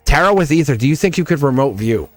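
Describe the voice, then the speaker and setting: A man's voice: a little high, animated, quick pace, no room sound, faint music behind. A man with a Southern accent, reading tarot on a casual livestream and talking straight to his viewers, laughing often. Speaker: tarot reader.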